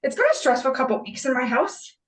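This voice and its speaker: A woman's voice: high-pitched, big pitch swings, a little fast, rough recording. A young adult woman chatting casually on a group video call, peppering her speech with "like". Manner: casual, heavy use of "like". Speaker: coaching group member.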